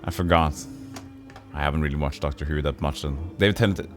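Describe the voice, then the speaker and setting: Low-voiced joking game streamer man. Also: a little fast, over music. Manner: joking, reads chat aloud and answers. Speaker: livestreamer playing a retro RPG. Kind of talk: casual let's-play chat.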